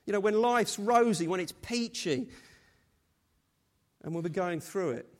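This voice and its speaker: A man in his thirties, a pastor giving a sermon, reading scripture and praying, then telling stories with gentle humor in a conversational way. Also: high-pitched, expressive, a little slow.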